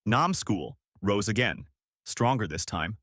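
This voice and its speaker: A man narrating a story in a measured, solemn way. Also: on the low side, lively intonation, fairly bright tone, dry recording, studio quality.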